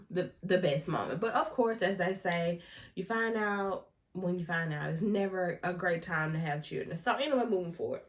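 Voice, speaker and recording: A young woman telling a casual storytime vlog, animated and often laughing, talking straight to her viewers. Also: medium pitch. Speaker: vlogger.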